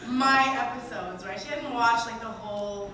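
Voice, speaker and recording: A woman actor on a convention panel, telling stories in a lively, emotional, casual way. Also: a little high, normal speed. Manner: animated, emotional storytelling with laughs. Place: large convention hall. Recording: echoey noisy hall from far off.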